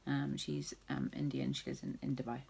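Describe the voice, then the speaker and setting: A woman talks her viewers through a makeup tutorial in a loose, rambling way, full of jokey asides. Her voice sits very low with a lot of gravelly fry. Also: big pitch swings, normal speed, a little mellow. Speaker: makeup vlogger. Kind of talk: casual makeup tutorial chat.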